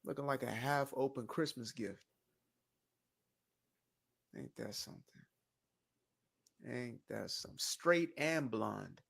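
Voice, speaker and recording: A man giving reaction commentary in a slow, mocking delivery. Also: mid-range voice, lively intonation, vocal fry, a bit bright.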